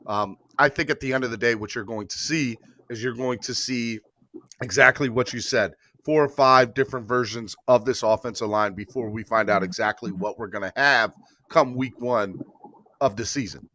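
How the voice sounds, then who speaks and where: Bright-voiced man hosting a sports podcast. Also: medium pitch, moderate pace. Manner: laid-back, hands the floor to guests. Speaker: podcast host. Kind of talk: casual sports podcast chat.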